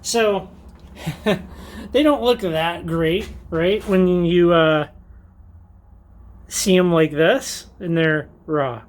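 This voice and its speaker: A man hosting a casual show-and-tell vlog who talks in a chatty, enthusiastic way, with frequent ums and little laughs. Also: high voice. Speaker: rockhounding channel host.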